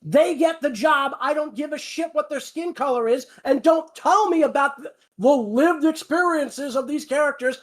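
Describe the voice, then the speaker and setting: High-voiced ranting, swearing voice actor. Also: normal speed. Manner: heated, profane ranting; emphatic, repeats words. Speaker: voice actor on a fan channel. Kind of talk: livestream Q&A rant.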